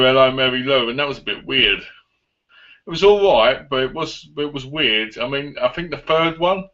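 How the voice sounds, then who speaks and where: A man's voice: mid-range voice, sharp tone. A young man casually answering viewer questions, rambling and often correcting himself, in a dull lo-fi recording. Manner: rambling, self-correcting, chatty. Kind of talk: casual chat. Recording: dull lo-fi sound.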